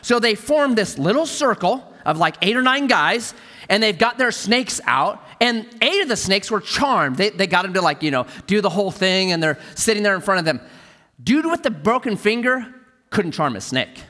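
A man preaching a sermon as a pastor, telling stories with animated energy and dropping to a hush for emphasis. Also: sits high, normal speed, big-room sound.

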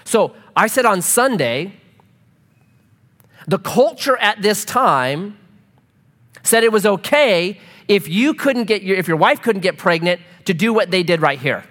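Animated man preaching in a reverberant hall. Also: sits high, measured pace. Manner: animated, joking, acts out quoted voices. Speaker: pastor. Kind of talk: sermon.

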